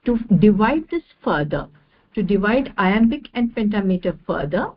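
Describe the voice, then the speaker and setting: A woman giving an online lecture over slides, measured and repeating each definition step by step. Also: mid-range voice, very animated, dull audio.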